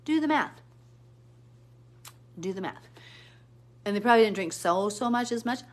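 A woman chatting casually on a live stream, answering comments and telling a rambling, animated story. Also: brisk. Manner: animated storytelling with sudden pitch jumps. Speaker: Bible teacher hosting a live stream.

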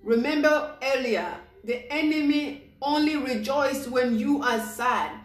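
A woman preaching an informal devotional sermon, excited and repetitive, acting out the people she quotes. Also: high-pitched, measured pace, reverberant.

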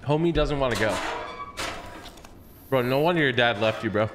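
A man's voice: mid-range voice, normal speed, background noise. A young man giving casual, joking commentary while playing a video game, teasing the characters and meowing along. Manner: playful, banters with the game, meows along loudly. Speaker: gaming YouTuber. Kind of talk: casual let's-play commentary.

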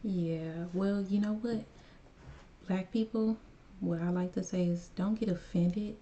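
A woman's voice: mid-range voice, fairly even intonation, unhurried, warm tone, lo-fi sound. A woman hosting a reaction video, speaking to her viewers in a casual way and giving emphatic, preachy advice. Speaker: reaction channel host.

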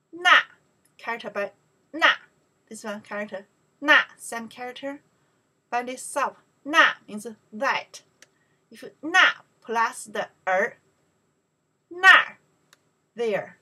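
Bright, breathy woman teaching pronunciation. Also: on the high side. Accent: Mandarin Chinese. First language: Chinese. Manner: slow, repeats words for learners, louder on the Chinese examples. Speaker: Chinese teacher. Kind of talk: pronunciation lesson.

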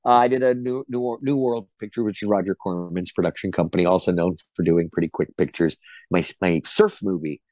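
A man's voice: low-pitched, steady tone, brisk, a little mellow, no room sound. A middle-aged man, an actor being interviewed, telling casual anecdotes and acting out the quotes. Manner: chatty storyteller, acts out quotes. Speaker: actor guest.

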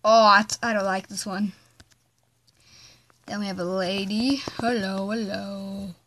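Slow-talking woman chatting casually. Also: medium pitch, steady tone, a bit bright. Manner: slow, rambling, chatty with fillers. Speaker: video host. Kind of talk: casual chat while playing a phone app. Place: bedroom.

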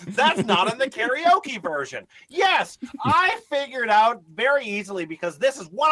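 Bright-voiced laughing comedy podcast host. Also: male voice, very high voice, sing-song, normal speed, hardly any pauses, no room sound. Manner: laughs often, loud outbursts, rambling fillers. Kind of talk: casual comedy chat.

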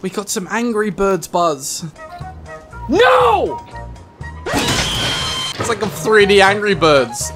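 A man doing excited game commentary, yelling and laughing as he plays. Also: sits high, takes it slowly. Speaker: gaming YouTuber. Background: game music.

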